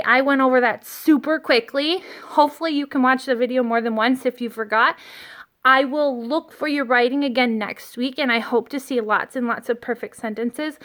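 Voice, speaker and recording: High-voiced teacher talking to kindergartners. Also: female voice. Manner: gentle, slow and encouraging, talks to small children. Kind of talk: remote lesson to young children. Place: empty classroom. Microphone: phone set down in front of her.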